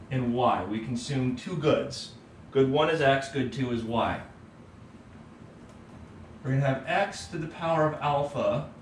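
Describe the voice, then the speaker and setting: Brief: a laid-back male lecturer talking through math at home, heard from across an echoey room. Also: medium pitch. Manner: relaxed, tags points with "right?". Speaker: economics teacher. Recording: roomy, distant mic, faint background hum.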